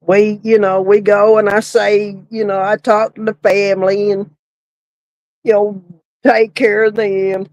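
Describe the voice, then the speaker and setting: Woman, middle-aged, slow drawling storyteller, laughs constantly, casual cussing. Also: mid-range voice, little pitch movement, a little mellow, no room sound, low-quality recording. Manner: laughs often while telling a story, swears casually. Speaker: podcast co-host, former funeral director.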